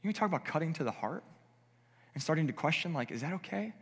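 A man's voice: on the high side, lively intonation, fast talker, husky, in a large hall. A male pastor preaching a conversational sermon, acting out what people might say. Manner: conversational preaching, acts out quoted voices. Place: church sanctuary.

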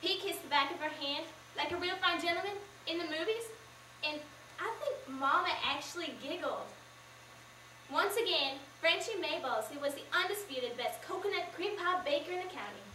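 A teenage girl performing a memorized story in the first person, with expressive, measured narration, in a school auditorium. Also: extremely high pitch. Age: teens. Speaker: student performer. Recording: echoey room, from far off, faint noise.

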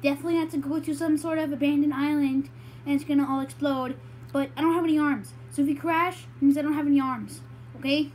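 A woman's voice: sits high, steady tone, quick pace, a little mellow, slight background noise. A female host rambling through a silly toy-play story, bursting into shrieks. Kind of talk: playful toy-story narration.

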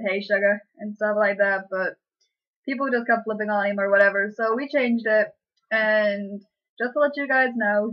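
A woman's voice: medium pitch, dull audio. A woman vlogger chatting casually and giggling often as she reads an online chat aloud. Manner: giggly, lots of fillers and laughs.

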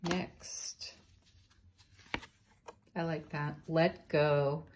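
Female card reader, lower pitch, gentle encouraging delivery. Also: measured pace, noisy background. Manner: gentle, encouraging, laughs softly between cards. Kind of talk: spiritual card reading.

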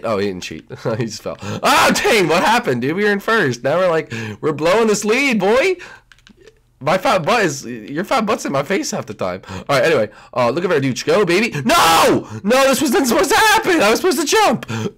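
A young man hosting a gaming channel, commentating a multiplayer game with excitable outbursts and playful trash talk at his teammates. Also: mid-range voice. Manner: excitable, swings from mumbling to shrieking. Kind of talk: live gameplay commentary.

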